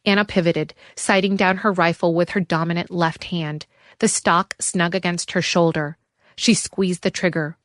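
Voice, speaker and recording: Low-voiced woman narrating an audiobook. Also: fairly even intonation, normal speed, a bit bright, no echo, clean studio sound.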